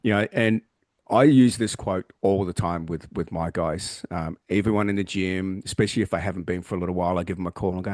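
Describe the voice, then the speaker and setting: A man on a podcast talking like the gym trainer he is, swearing freely and pressing his point hard. His voice sits low and the words come out quickly in an emphatic, no-excuses rush. The sound is dry and close, with no room around it. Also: fairly even intonation, darkish tone, no echo. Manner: blunt, heavily profane, emphatic. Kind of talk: casual motivational chat.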